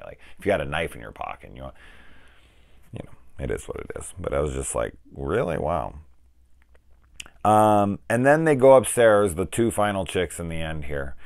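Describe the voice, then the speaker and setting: Low-voiced man ranting about a film. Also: dry recording, studio quality. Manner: rambling, profane, animated retellings of scenes. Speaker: film review channel host. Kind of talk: casual spoken film review.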